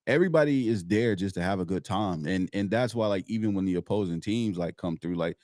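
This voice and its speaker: A man co-hosting a live podcast, telling stories in a relaxed, slangy way with lots of repeats. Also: low voice, brisk, no echo, studio quality. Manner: laid-back slangy storytelling, lots of "like" and repeats. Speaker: podcast co-host. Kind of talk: casual live-stream chat.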